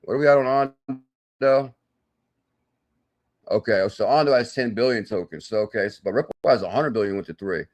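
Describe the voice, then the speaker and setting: Excitable man hyping crypto on a stream. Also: on the low side, fairly quick, pauses often. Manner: excitable and salesy, bursts of loud exclamation; thinks aloud while doing sums and checking charts. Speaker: crypto channel host. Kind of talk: live-streamed hype talk reading viewer chat.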